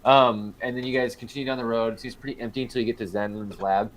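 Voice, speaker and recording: A man's voice: mid-range voice, fairly even intonation, fast, rough recording. Rambling male game master. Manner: loose, rambling narration with many fillers and restarts. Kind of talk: narrating a tabletop game.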